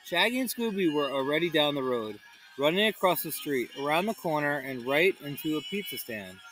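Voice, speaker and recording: A man narrating a children's storybook in an expressive, animated read-aloud style. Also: fairly high pitch, fairly quick, soft background music, poor audio. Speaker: storybook reader.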